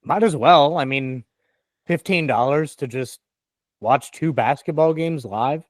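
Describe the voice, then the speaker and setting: A man's voice: on the high side, measured pace, no echo. A young man co-hosting a casual sports talk show, trading jokes and teasing banter. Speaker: podcast co-host.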